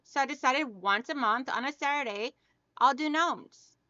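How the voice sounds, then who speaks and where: A woman's voice: sits high, normal speed, bright, forceful tone, dry recording, muffled recording. A middle-aged woman hosting a hand-quilting livestream, chatting casually and greeting viewers by name, calling them hon and girl. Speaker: craft channel host.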